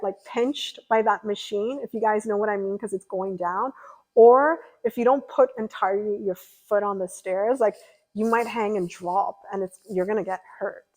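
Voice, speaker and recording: A woman's voice: mid-range voice, normal speed, darkish tone, poor audio. Young woman streamer rambling on, casual chat, lots of likes and ums. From California. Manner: chatty and rambling, lots of fillers. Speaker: livestreamer. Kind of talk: casual chat reading viewer comments.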